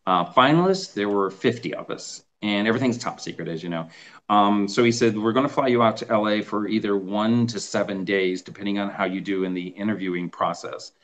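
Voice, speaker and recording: A middle-aged man telling a story as an interview guest, animated and acting out the voices of people he quotes. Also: on the low side, brisk. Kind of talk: casual storytelling.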